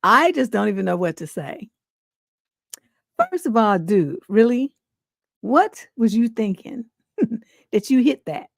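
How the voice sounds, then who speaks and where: A woman's voice: medium pitch, big pitch swings, unhurried, vocal fry, pauses often, dry recording, studio quality. Laughing woman hosting a live stream. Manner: laughs often, reacts loudly, quotes people in playful voices. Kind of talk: casual live stream chat.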